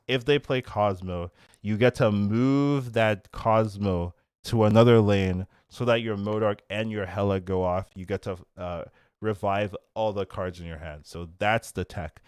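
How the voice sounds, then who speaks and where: A man's voice: fairly low pitch, clean tone, no echo, clean studio sound. A young man and content creator, casually talking through card game decks with fillers and restarts, getting livelier as he goes. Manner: chatty, many fillers and restarts, gets louder and livelier when animated.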